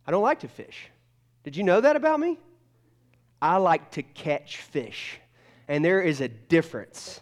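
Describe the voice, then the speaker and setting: A man preaching a casual, joking sermon, telling stories with lots of restarts. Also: a little high. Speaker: pastor. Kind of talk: conversational sermon.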